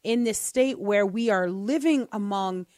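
A woman's voice: medium pitch, measured pace, darkish tone, dry recording. Female talk radio co-host, casual and emphatic, dry studio mic. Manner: emphatic, repeats words when worked up.

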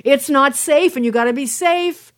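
A woman's voice: high voice, moderate pace. A woman host talking straight to her listeners in a casual monologue, telling stories with emphatic repetitions. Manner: animated storytelling, emphatic repetitions.

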